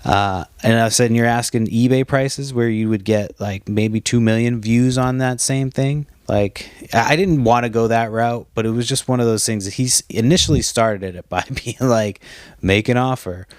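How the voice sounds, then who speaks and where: A man's voice: medium pitch, moderate pace, hardly any pauses, clean tone, dry recording. A man hosting a podcast, telling a story in a loose, profane ramble. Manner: profane, animated storytelling with quoted back-and-forth. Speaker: podcast host. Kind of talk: casual rambling monologue.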